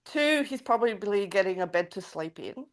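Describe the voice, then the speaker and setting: A woman's voice: medium pitch, animated, moderate pace. An Australian woman chatting casually as a guest on a live stream, teasing and laughing often. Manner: giggly, teasing. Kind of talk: casual chat.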